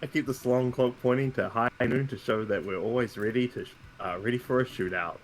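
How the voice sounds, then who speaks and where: A man's voice: mid-range voice, brisk, slight background noise, natural voice, low-quality recording. A man playing a cheerful, hardworking saloon owner with a hesitant, stumbling delivery.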